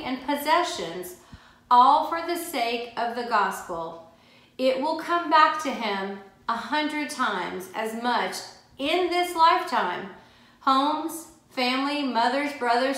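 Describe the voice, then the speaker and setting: A woman with a fairly high voice leads a Bible study, reading scripture slowly and driving her points home by repeating them. Her voice rings around a very echoey room. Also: a bit bright. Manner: emphatic, repeats key phrases, reads scripture slowly.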